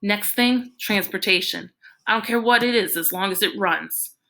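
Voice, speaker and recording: A woman's voice: medium pitch, moderate pace, creaky, pushed and bright. A woman voicing a domineering ex-convict preacher, a middle-aged man who speaks in a drawling, bossy way. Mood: menacing. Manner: drawling, domineering, calls the boy "boy".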